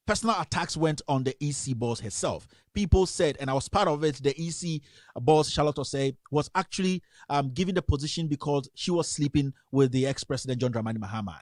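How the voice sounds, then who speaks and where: A man's voice: a little high, a little mellow, dry recording, clean studio sound. A man hosting a radio editorial, talking emphatically and repeating rhetorical questions. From Ghana. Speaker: radio host.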